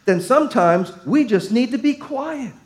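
A man preaching to his church in a high, light voice. He speaks with emphasis, pushing key lines louder and letting others fall soft. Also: expressive, normal speed. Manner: emphatic preaching, voice swelling and dropping, acting out crowd quotes. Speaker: pastor. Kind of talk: sermon.

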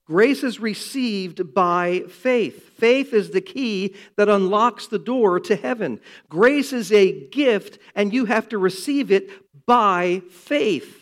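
An older man preaching a sermon, earnest and building to emphatic, loud passages. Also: high-pitched, takes it slowly, few pauses. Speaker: pastor.

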